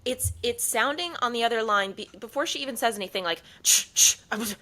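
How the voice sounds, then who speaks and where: A woman's voice: a little high, animated, fast, pushed and bright, rough recording. A young woman co-hosting a podcast, telling a long story in casual chat and acting out the people she quotes. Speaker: podcast co-host.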